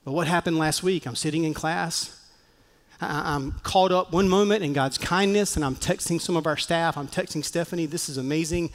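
A male pastor delivers a sermon in a lively, animated way, slipping into the voices of the people he quotes. His voice sits somewhat high for a man. A long reverb from the church hall trails each phrase. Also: normal speed. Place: church sanctuary.

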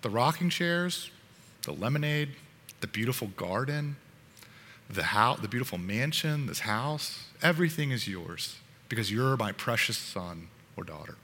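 A man voicing a kind adoptive father who speaks softly and gently. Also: a little high, very animated, long reverb tail, slight background noise, exaggerated voice. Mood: gentle. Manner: soft, slow and gentle.

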